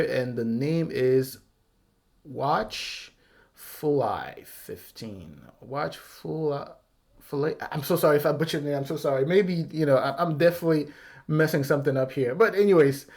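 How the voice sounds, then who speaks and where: Here a YouTube channel host, a man with a slightly high, slightly mellow voice, presents his own giveaway vlog. He rambles casually, keeps apologizing, and laughs nervously.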